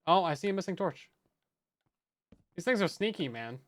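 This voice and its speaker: A man's voice: high-pitched, expressive, normal speed. A man streaming a game, chatting casually with viewers in a joking way and often repeating words as he restarts. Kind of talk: casual live-stream chat while gaming.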